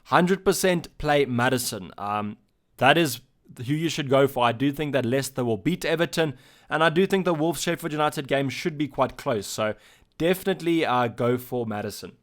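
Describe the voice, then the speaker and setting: This South African-accented man hosts an easygoing live-stream Q&A, reading chat messages out and answering them loosely and haltingly. His pitch is medium, with lively intonation.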